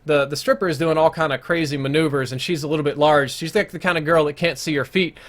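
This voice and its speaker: A man's voice: a little high, steady tone, fast talker. A man streaming live gameplay, telling a long crude story in a rambling, self-interrupting way. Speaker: gaming streamer.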